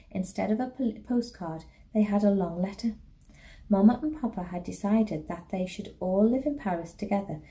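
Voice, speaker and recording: A woman teacher reading a children's novel aloud in a gentle, expressive storytelling manner. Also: medium pitch. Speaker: primary school teacher.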